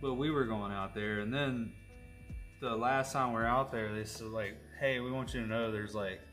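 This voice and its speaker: A man's voice: mid-range voice, steady tone, normal speed, fairly bright tone, faint music behind. A man chatting casually while he tattoos, rambling and joking with lots of fillers. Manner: rambling, jokey storytelling with many fillers. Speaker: tattoo artist. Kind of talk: casual chat while working.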